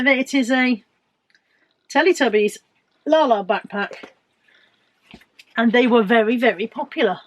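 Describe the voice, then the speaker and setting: A woman in her fifties with a British accent, chatting casually and joking at her own expense as she shows off her finds. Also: medium pitch. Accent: British English. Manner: chatty, self-mocking humour. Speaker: reseller vlogger. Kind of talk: casual chat.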